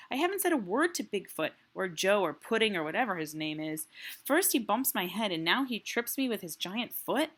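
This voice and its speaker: A woman teacher reading a children's novel aloud and pausing to ask the class questions, checking in with "right?" as she goes. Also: mid-range voice, fairly bright tone.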